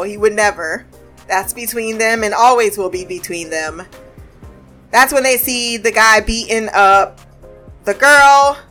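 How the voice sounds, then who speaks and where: A woman casually recapping a TV episode, animated and profane, acting out the characters' lines. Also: on the high side.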